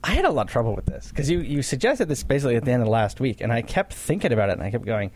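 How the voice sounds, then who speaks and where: Rahat, alaycı bir erkek sunucu. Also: male voice, mid-range voice, big pitch swings, racing, few pauses, darkish tone, dry recording. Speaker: podcast co-host. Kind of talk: casual gaming podcast chat.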